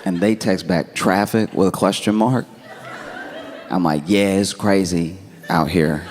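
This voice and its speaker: A man doing stand-up comedy, telling a story in a conversational, animated way with laughing asides. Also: low voice, a little slow, very noisy.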